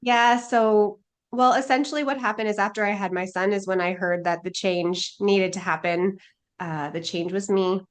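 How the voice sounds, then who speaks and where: A woman's voice: medium pitch, steady tone, normal speed. A woman guest on a podcast, a life coach speaking in an earnest, reflective way with many filler likes. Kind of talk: casual interview chat.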